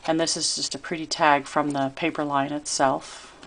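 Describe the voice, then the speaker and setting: A woman giving a chatty, relaxed show-and-tell of a handmade craft piece, filming it herself. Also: deep voice, normal speed, a little hiss or hum. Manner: chatty and relaxed, with fillers and little asides. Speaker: crafter showing her handmade album. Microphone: camera she handles while filming.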